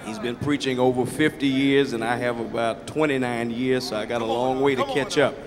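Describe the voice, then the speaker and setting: A man's voice: medium pitch, steady tone, brisk, crowd noise. Preacher guy, middle-aged, jokey folksy sermon, big hall echo. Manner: folksy, humorous storytelling with repeated words. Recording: reverberant hall.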